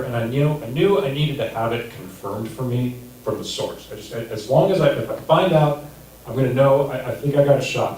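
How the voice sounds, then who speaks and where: A man in his thirties works through a stand-up set with dry, crude, self-mocking delivery. His voice sits at an ordinary middle pitch. It comes from well back from the mic in a very echoey room, with steady noise behind it. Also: recorded from a distance. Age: 30s. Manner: deadpan, crude, self-deprecating. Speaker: stand-up comedian. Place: comedy club stage.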